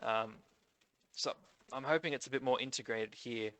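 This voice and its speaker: Australian man, nasal, bright forceful tone, casual gaming commentator. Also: medium pitch, moderate pace, clear, resonant tone, dry recording. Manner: chatty, rambling, thinks aloud. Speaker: gaming YouTuber. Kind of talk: casual commentary on update notes.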